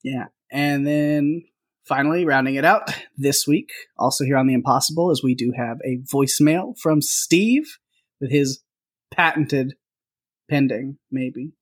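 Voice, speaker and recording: Guy cohosting a movie podcast, mid pitch, laughs a lot, lots of uhs. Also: measured pace. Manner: laughs often, relaxed, hesitant fillers. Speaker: podcast co-host. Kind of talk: casual chat.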